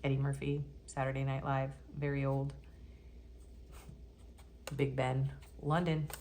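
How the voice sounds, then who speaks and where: A woman with a notably deep voice talks through a casual tarot reading. She keeps it chatty and cheeky and laughs easily as she speaks. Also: flat delivery, a little slow, darkish tone, slight background noise. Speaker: tarot reader.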